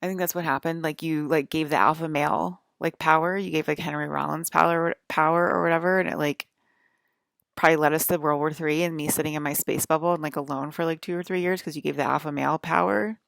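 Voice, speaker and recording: A woman's voice: low voice, fairly even intonation, fast talker, vocal fry, a bit bright, dry recording, clean studio sound. A woman rambling in an agitated monologue to her viewers, full of "like" fillers and swearing. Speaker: vlogger.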